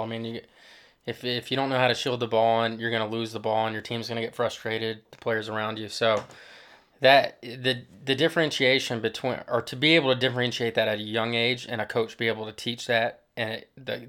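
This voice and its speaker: A man, a former professional player co-hosting a soccer show, explaining in casual chat with halting restarts. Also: medium pitch, flat delivery, fairly bright tone.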